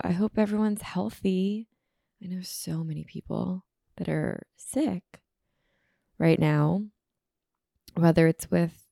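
A woman's voice: medium pitch, gravelly, warm tone, no room sound, clean studio sound. A young woman hosting a casual chat podcast from her apartment, rambling and chatty with a morning voice. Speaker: podcast host.

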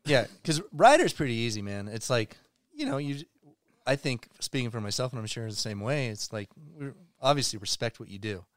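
A man who is a snowboard photographer speaks as a podcast guest, easygoing and quick to laugh. His voice sits at a middle pitch and sounds smooth. The sound is dry and close. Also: sing-song, dry recording. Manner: easygoing, laughs along while talking. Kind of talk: casual podcast chat.

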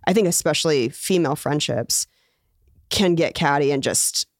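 Female comedian guest, low voice, animated storyteller, dry studio sound. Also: moderate pace, no room sound. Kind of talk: casual chat.

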